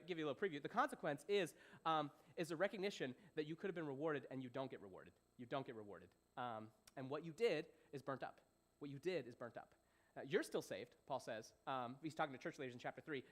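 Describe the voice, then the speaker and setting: A young man teaching a Bible passage as a young adults pastor, conversational and animated, often repeating himself and checking if listeners follow. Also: on the high side. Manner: animated, repeats phrases, asks "does that make sense".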